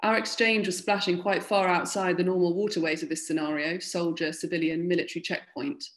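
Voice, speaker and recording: A woman author from London, reading her own literary fiction aloud in a measured way. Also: on the low side, little pitch movement.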